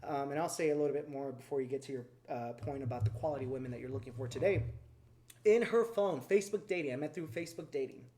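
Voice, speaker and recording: A man's voice: medium pitch, fast, dark tone. A man in his twenties hosting a podcast, telling blunt, profane stories in casual chat. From Mexican heritage, US. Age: 20s. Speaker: podcast host.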